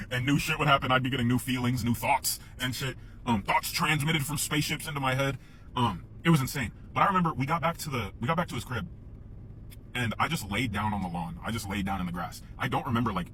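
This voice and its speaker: Bright-voiced man telling a rambling story. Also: medium pitch, slight background noise, rough recording. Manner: rambling, profane, often laughing. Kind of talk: casual storytelling to camera.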